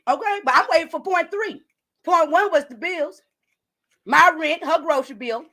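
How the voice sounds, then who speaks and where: A woman's voice: very high voice, normal speed, pushed and bright. A woman hosting a live stream, brashly and profanely calling out a viewer while reading the chat. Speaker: livestream host.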